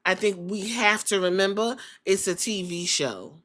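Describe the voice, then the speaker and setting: A woman's voice: mid-range voice, measured pace, fairly bright tone. A woman hosting a podcast, giving a casual, blunt and opinionated review that is laced with casual swearing. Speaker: podcast host.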